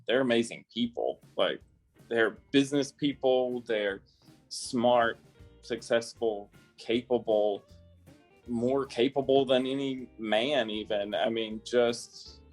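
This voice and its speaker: A man from South Carolina, a guest in a casual interview, talking chattily with lots of fillers and laughs. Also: lowish voice. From South Carolina, USA.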